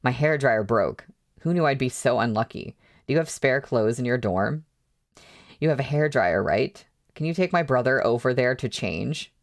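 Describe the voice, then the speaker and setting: A man's voice: medium pitch, expressive, normal speed, no room sound, studio quality, natural voice. Male reader doing a nervous, apologetic younger sister; plain read, mid-range voice. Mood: pleading. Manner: apologetic, pleading. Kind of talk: audiobook reading.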